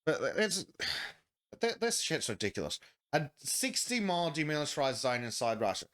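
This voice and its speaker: A man's voice: on the high side, big pitch swings, moderate pace, fairly bright tone. A man hosting a podcast, reading chat comments aloud and mocking the news with sardonic, profane commentary. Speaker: podcast host. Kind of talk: casual political chat.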